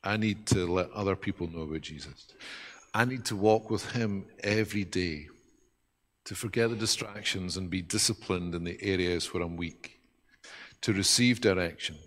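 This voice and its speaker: A man preaching a sermon in an earnest, reflective way, often dropping to a soft hush. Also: deep voice, a little slow. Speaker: pastor.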